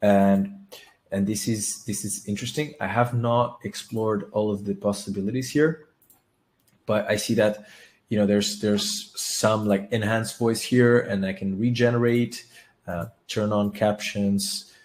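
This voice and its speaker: A man hosting a live webinar, talking casually and haltingly with many restarts while he demonstrates software on screen. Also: fairly low pitch, fairly even intonation. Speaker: webinar host.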